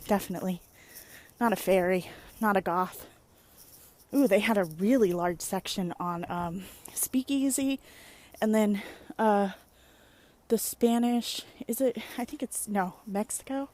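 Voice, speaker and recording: A young woman chatting casually to her phone camera in a vlog, rambling and animated as she tells stories. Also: mid-range voice, unhurried. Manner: rambling, animated storytelling with many "like"s and playful exclamations. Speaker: vlogger. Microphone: phone or webcam at arm's length.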